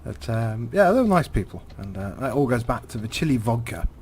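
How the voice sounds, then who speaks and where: A man's voice: mid-range voice, big pitch swings, darkish tone, slight background noise. A man, commentating on a driving game while telling a rambling story, full of fillers and repeated words. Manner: halting, many fillers and repeated words, chuckles.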